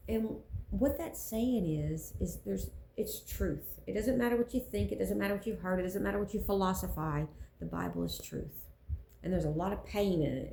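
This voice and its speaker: A woman with a gravelly, mellow voice talks earnestly about her faith. She preaches in a loose, personal way and hammers points home by repeating them. The room is echoey. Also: mid-range voice, a little hiss or hum.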